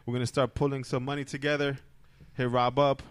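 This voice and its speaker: Man, 40s, New Jersey accent, podcast co-host, blunt joking banter, average pitch. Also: flat delivery, a little fast, smooth. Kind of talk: casual chat.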